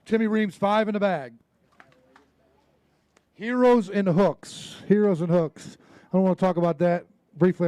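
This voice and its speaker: A high-pitched man emcees a fishing weigh-in on an outdoor stage, hyping the crowd with loud call-outs and quick jokes. His voice is dry and close on a handheld mic. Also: no echo. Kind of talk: live tournament emcee.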